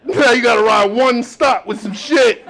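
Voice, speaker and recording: High-voiced New stand-up comic. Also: male voice, moderate pace, creaky. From New York. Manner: animated, acts out characters with loud outbursts. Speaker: stand-up comedian. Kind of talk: stand-up comedy set. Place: comedy club stage.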